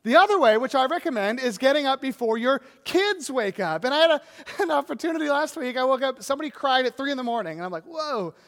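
A man in his thirties preaching a sermon, telling animated stories and acting out scenes. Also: very high-pitched, fast. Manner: animated storytelling, acts out scenes. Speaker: pastor. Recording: long reverb of a large hall.

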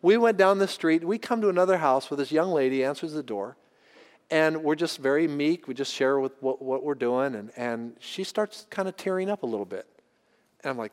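A pastor telling a personal story in a sermon, animated and acting out the voices of the people in it. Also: male voice, mid-range voice, a little fast. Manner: animated, acts out voices in his anecdotes. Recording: long hall reverb.

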